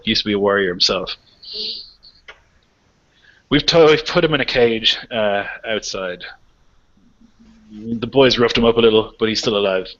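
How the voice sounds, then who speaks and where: A man voicing a gruff, coarse chieftain who is a grieving father, in a tabletop game. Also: on the low side, a bit bright. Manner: coarse, curses bluntly. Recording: lo-fi, dull recording.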